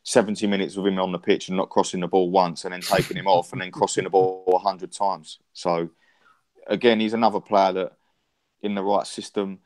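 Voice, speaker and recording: A man's voice: deep voice, level tone, fairly quick, darkish tone. A man in a casual football chat, talking passionately in long, rambling runs full of restarts and swearing. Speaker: podcast co-host.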